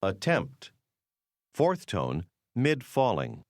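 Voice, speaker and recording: Deep-voiced man narrating a language course. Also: huge pitch swings, no echo, studio quality. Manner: measured, explanatory delivery.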